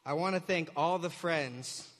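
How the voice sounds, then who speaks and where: A man's voice: on the high side, measured pace, slight background noise. A young man, a graduating student teacher, gives a joking and earnest commencement speech at a podium microphone. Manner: joking, warm and earnest, leads audience cheer. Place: large hall. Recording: reverberant auditorium.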